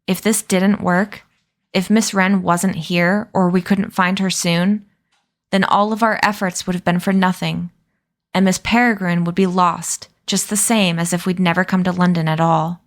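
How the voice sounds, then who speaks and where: A woman reading a novel aloud as a storyteller, in a calm, steady manner. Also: on the low side, normal speed.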